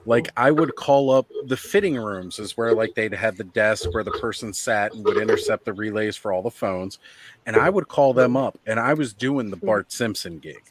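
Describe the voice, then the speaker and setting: A man hosting a casual live stream, chatting and telling stories, animated when he quotes people. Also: fairly low pitch, normal speed, rough recording. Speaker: livestream host.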